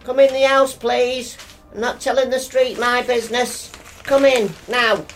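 A practical, fussing northern English mum in a radio play, whose lowish voice swings widely up and down. She nags in a homely, bustling way, with faint music behind her. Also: sing-song, unhurried, heavily acted. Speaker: mother.

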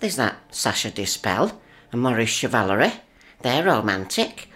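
A woman's voice: rumbling low, very animated, moderate pace, fairly bright tone, full character voice. An actress playing a prim, fussing working-class mother, scolding and motherly. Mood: needling. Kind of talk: broadcast drama acting.

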